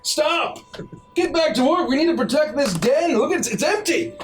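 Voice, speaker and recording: A man's voice: extremely high pitch, lively intonation, normal speed, reverberant, over music, voice pushed up. A man voicing a fussy male bear servant who scolds the others. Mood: scolding.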